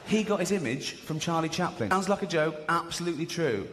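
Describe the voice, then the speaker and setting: A man's voice: a little high, lively intonation, fairly quick, fairly bright tone. A man doing a stand-up comedy routine, chatty and mocking, laughing at his own jokes. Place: large theatre with live audience. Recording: echoey hall with audience noise.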